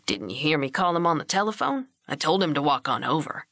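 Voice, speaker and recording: A woman voicing a big, steady rancher father who speaks low, even and quietly firm. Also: brisk, gravelly, dry recording, studio quality, heavily acted.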